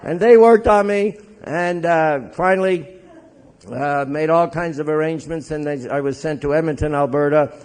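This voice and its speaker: A Canadian man and Catholic priest telling his recovery story to an audience in a joking, animated way. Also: fairly high pitch, normal speed, smooth. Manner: joking, animated storyteller who acts out others' voices.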